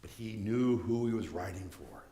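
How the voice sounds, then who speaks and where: A man's voice: fairly low pitch, lively intonation, moderate pace, dark tone. A man giving an earnest lecture, often restarting his phrases. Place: church. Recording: echoey, reverberant hall.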